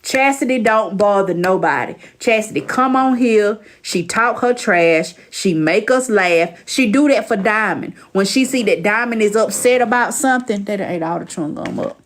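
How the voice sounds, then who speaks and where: A woman's voice: medium pitch, a little hiss or hum. A woman hosting a live stream, chatting casually and teasing her viewers. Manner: chatty, teasing, drawn-out asides.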